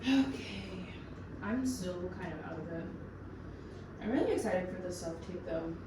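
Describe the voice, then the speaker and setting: A woman actor chatting casually while baking in her home kitchen, sassy and full of "like" fillers, in a tired, lower sleepy voice. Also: lively intonation, measured pace, heavy background noise.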